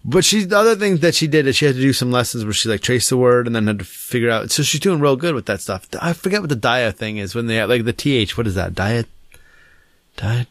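A man's voice: mid-range voice, fast talker, dry recording. A man in his thirties, a father, chatting casually and acting out his children's voices as he tells stories. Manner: animated storyteller, mimics his kids' voices. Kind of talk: casual chat.

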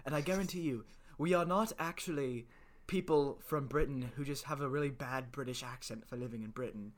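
Man, American accent, comedy podcast co-host, rambling, filler-heavy, self-deprecating, mid pitch. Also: a little fast. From United States. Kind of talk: casual comedy podcast chat. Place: bedroom.

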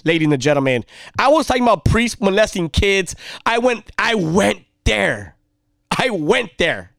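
A man with a fairly high voice and a lively, swooping delivery. He tells a casual story in a rambling way, circling back and repeating himself. He grows more heated as he goes, recorded close with a dry sound. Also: unhurried, vocal fry, no room sound. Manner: rambling, animated, repeats himself, heats up when recounting anger.

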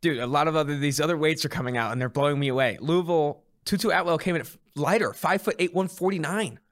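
A young man hosting a casual sports podcast, joking and excitable. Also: on the high side, quick pace. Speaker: podcast host, content director.

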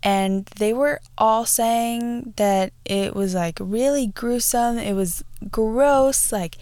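A woman's voice: on the high side, slow, a little mellow, smooth, no echo, studio quality. A young woman in her twenties hosting a podcast, chatting casually about movies with many fillers and restarts. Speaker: podcast host. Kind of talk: casual movie review chat.

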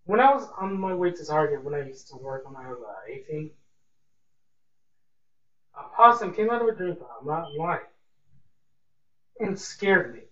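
A man's voice: fairly high pitch, very animated, moderate pace, long pauses, a bit bright. Rambling young man in an echoey room. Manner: rambling, repeats words like "really" and "man". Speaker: podcast host. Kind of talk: casual solo podcast chat. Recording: echoey room, distant mic, dull lo-fi sound, faint hiss.

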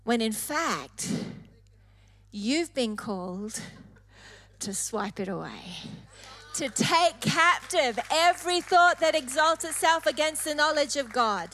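A woman's voice: high-pitched, expressive, slow, fairly bright tone. A woman preacher delivering an emphatic sermon, stressing points through repetition. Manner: emphatic, repeating phrases for effect.

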